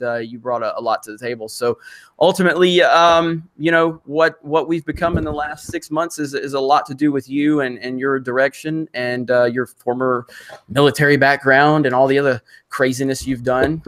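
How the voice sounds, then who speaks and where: A man from Alabama hosting a casual live stream, rambling with many fillers and restarts and quick to laugh. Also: mid-range voice, fairly even intonation, a bit bright.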